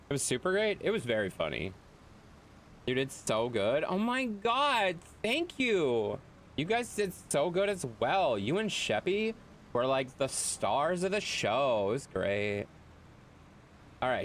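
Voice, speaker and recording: A man's voice: mid-range voice, slight background noise. A young man streaming a game, ranting bluntly and profanely to his chat. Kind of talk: casual live-stream chat while gaming.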